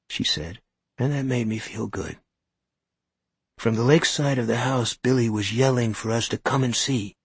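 A man narrating a story in the first person, in an even, measured storytelling manner. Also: mid-range voice, creaky, husky, no room sound. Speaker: audiobook narrator.

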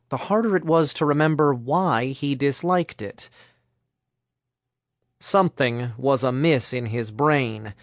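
A man narrates an audiobook in a measured, even storytelling style. His pitch is medium, and the studio-quality recording carries no echo. It is scripted narration.

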